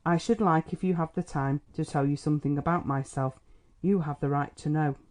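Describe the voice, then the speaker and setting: A man voicing a sturdy, earnest young engineer in a storybook, calm and self-possessed. The timbre is mellow and warm. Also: on the high side, fairly quick, close to an everyday voice. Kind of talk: audiobook character reading.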